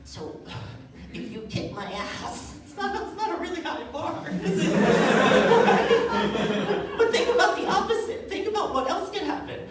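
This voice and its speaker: A woman performing a stand-up comedy set on stage, chatty and animated, often checking in with "right?". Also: very high-pitched, measured pace. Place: comedy stage, live crowd. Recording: very echoey room, distant mic, noisy.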